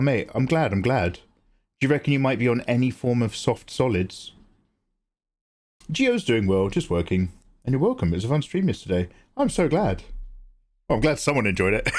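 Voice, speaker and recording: A man's voice: mid-range voice, darkish tone. Playful man chatting on stream. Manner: playful, jokey, mock-grand asides. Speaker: livestream artist host. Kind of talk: casual chat reading viewer messages.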